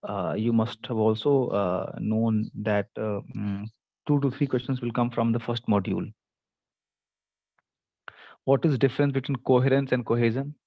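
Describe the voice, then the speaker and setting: A man's voice: medium pitch, moderate pace, no room sound, dull audio. A man teaching an online English class, explaining patiently with many fillers. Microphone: computer mic on video call.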